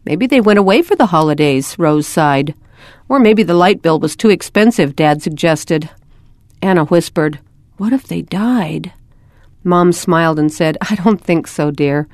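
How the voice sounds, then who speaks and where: A woman's voice: sits low, normal speed, darkish tone, dry recording, clean studio sound. A woman reading a children's story aloud, lifting her voice for the children's lines. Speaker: reader.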